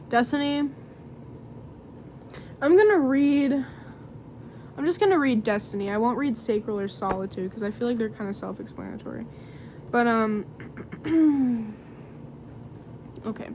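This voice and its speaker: A woman's voice: on the high side, lively intonation, unhurried, pauses often, darkish tone, a little hiss or hum. A young woman doing a casual tarot reading to camera, rambling and giggly with lots of fillers. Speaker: tarot reader.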